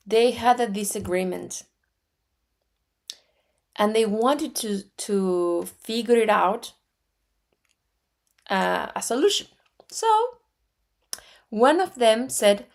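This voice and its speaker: A woman in her forties with an Argentine Spanish accent, teaching metaphysics in a slow, deliberate way with frequent restarts. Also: fairly high pitch, lively intonation, vocal fry. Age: 40s. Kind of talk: spiritual teaching talk.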